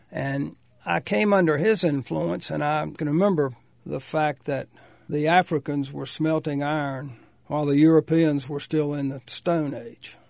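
An older man from North Carolina, thoughtfully recalling his past in a measured, pausing way. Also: on the high side, creaky, a little mellow, dry recording, clean studio sound. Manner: measured, thoughtful, with pauses and restarts. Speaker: oral history interviewee. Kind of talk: reflective personal reminiscence.

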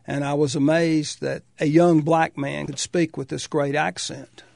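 Gravelly older man reminiscing. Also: on the high side, little pitch movement, a little mellow, no echo, clean studio sound. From North Carolina, US. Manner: measured, thoughtful, with pauses and restarts. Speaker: oral history interviewee. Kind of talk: reflective personal reminiscence.

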